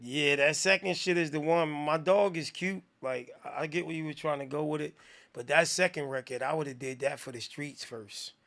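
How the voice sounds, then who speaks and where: A man hosting a live music review stream, talking in a slangy, profane, rambling way and giving shout-outs to viewers. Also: fairly high pitch, fairly even intonation, normal speed, gravelly. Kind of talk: casual live-stream commentary.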